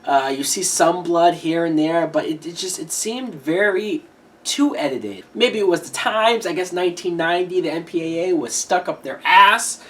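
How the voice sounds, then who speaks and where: A woman's voice: lowish voice, moderate pace, fairly bright tone. A woman giving a casual horror movie review, blunt and swearing freely, often laughing as she talks.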